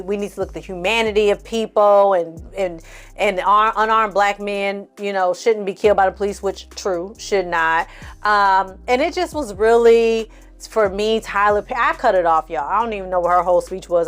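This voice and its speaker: A woman's voice: mid-range voice, smooth. A woman host giving a casual, blunt movie recap, full of swearing and exasperated asides, acting out the characters' lines. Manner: blunt, profane, exasperated storytelling with acted-out quotes. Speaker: film review host.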